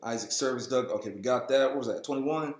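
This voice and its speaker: Reading the Bible aloud at a quick pace, this jokey male host keeps interrupting with gags and goofy high-pitched character voices for the people in the story. The recording is reverberant.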